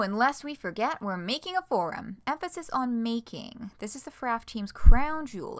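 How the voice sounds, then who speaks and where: A woman's voice: a little high, a bit bright. A woman streamer reading a fan project announcement aloud, breaking off for playful, dry asides.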